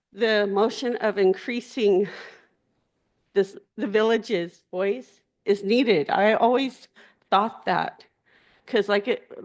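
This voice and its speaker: A woman delegate giving an unscripted, heartfelt speech at an assembly, openly emotional. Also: mid-range voice. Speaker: tribal delegate. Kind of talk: impassioned floor speech. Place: large assembly hall.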